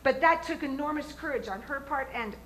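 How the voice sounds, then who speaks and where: A woman's voice: high voice, brisk, a bit bright, a little hiss or hum, low-quality recording. A woman minister giving a sermon to her congregation in an earnest, emphatic way, often asking them questions. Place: church sanctuary with a congregation.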